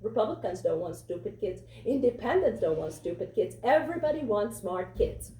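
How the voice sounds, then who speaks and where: A woman's voice: medium pitch, sing-song, normal speed, warm tone, slight background noise. Foreign-accented woman, impassioned speech. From Europe. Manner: impassioned, repetitive. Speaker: political candidate. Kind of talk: campaign speech. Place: fundraiser venue. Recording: echoey room from far off.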